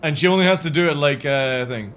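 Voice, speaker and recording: A fairly high-voiced man talking loosely to his live chat between game sessions. He rambles from one thought to the next and swears without a second thought. A faint hum of room noise sits under his voice. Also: a little fast, fairly bright tone. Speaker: game streamer. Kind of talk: casual live-stream chat.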